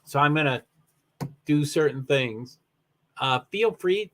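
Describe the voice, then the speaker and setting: A man's voice: high-pitched, very animated, moderate pace, pushed and bright. Tired, yawning man rambling on a livestream. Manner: rambling, self-interrupting with fillers. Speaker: live streamer. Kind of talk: casual solo livestream chat about racing.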